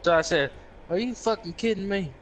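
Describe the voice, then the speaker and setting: A man's voice: sits high, fairly quick, loud music behind the voice, poor audio. Profane man telling a story. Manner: animated, profane, acts out quotes in raised voices. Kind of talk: casual storytelling with friends.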